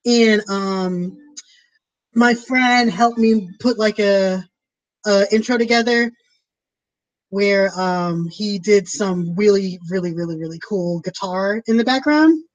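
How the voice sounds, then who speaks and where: A woman's voice: medium pitch, slow pace, highs cut off. A woman streaming from her home, chatting casually and rambling with lots of fillers as she plans a tabletop game. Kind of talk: casual chat to viewers.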